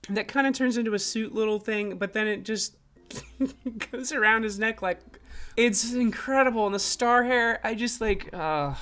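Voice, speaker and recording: A woman's voice: medium pitch, a bit bright. A young woman streamer giving giggly, gushing let's-play commentary as she reads a story game aloud. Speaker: gaming streamer.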